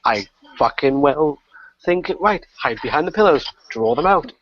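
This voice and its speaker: A man, a guest on a gaming podcast, telling a story in a profane, excitable way and laughing often. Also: on the high side, a little slow, no room sound. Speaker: guest gamer. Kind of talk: casual podcast chat. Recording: dull lo-fi podcast audio.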